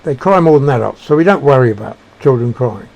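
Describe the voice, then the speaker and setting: A man giving a reflective monologue, halting and searching for words with frequent restarts. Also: medium pitch, lively intonation, vocal fry, darkish tone. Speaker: speaker sharing personal beliefs.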